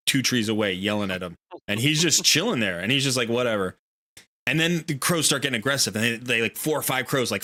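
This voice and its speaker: A man hosts a relaxed game livestream from his home, talking to chat in a loose, rambling way. His voice sounds bright and forward at an ordinary middle pitch. He drifts into storytelling and drops in playful little voices for the animals. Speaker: game streamer. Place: home room near a window.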